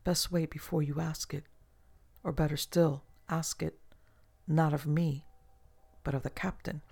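A man's voice: a little high, little pitch movement, a little slow, vocal fry, darkish tone, husky, full character voice. A man voicing a surly old castaway. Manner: surly, terse, archaic.

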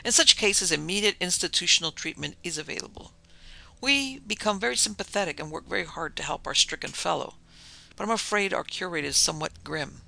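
A man's voice: high-pitched, expressive, a little fast, creaky, pushed and bright, full character voice, poor audio. A man reading as a curt menacing surgeon. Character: rancorous male surgeon in a sinister order.

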